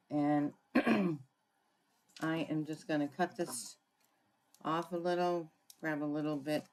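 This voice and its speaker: Low-voiced woman demonstrating card crafting. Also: slow pace, long pauses, darkish tone, a little hiss or hum. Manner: chatty, thinking aloud while working, frequent throat clearing. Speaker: papercraft demonstrator. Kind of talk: casual craft tutorial.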